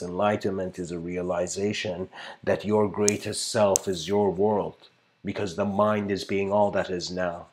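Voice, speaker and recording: A man giving a livestreamed philosophical lecture in an earnest, rambling way, full of fillers and searching for words. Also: deep voice. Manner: rambling, filled with "you know" and "like".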